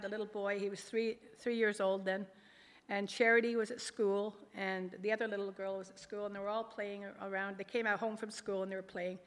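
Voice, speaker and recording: A woman's voice: on the high side, fairly bright tone, long reverb tail. An older woman from Canada telling an emotional personal testimony, earnest, often repeating and restarting her words as she is moved. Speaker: guest sharing a testimony.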